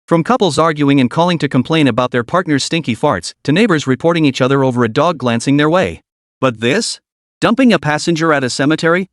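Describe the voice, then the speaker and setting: A man's voice: on the high side, no echo, studio quality. A man reading a dramatic story in scripted narration.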